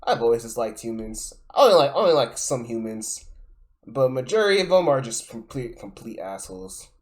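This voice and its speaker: A man's voice: mid-range voice, sing-song, a little fast. A man streaming live and reacting to a clip in casual, profane commentary, exasperated and repeating himself. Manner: exasperated, repetitive, profane, swings loud and soft.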